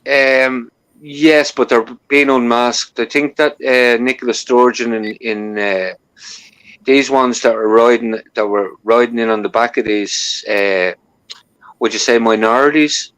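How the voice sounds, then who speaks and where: A man of ordinary middle pitch, talking in a halting way full of fillers and restarts during a casual chat. The sound is dry and close, with no room around it. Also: fairly even intonation, fairly bright tone, smooth, dry recording, low-quality recording.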